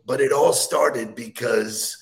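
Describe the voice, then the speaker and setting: A man's voice: medium pitch, takes it slowly, vocal fry. A man co-hosting in casual chat, loose and joking.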